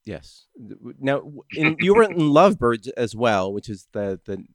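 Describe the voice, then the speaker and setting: A man co-hosting a podcast in casual chat, teasing the guest with quick asides. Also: mid-range voice, very animated, dry recording, studio quality.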